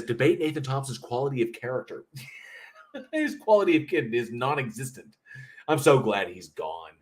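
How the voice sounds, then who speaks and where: A middle-aged man hosting a livestream, chatting casually and rambling as he reads viewer comments aloud, with frequent swearing and chuckles. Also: fairly low pitch. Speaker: livestream host.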